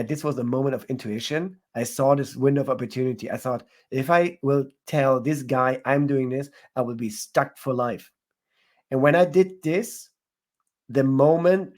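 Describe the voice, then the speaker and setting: Giving casual interview answers as a guest entrepreneur, a man shares advice, frequently backing up to restart his phrasing while he hunts for the right words. He has a medium-pitched, slightly mellow voice.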